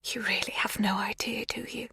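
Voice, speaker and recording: A woman voicing an intense, tender, unsettling older woman in a breathy whisper. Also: fairly low pitch, very animated, moderate pace, no room sound, studio quality, voice pushed up. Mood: hushed intense.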